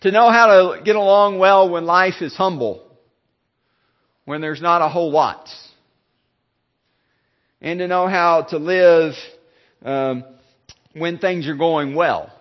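A male pastor giving a sermon, halting, with many fillers and restarts. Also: a little high, highs cut off.

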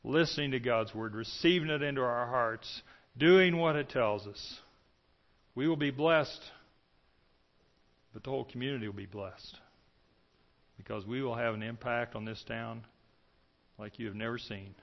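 Man preaching with loud and hushed swings. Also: mid-range voice, normal speed, gravelly, long pauses, dull audio. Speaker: pastor. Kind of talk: sermon.

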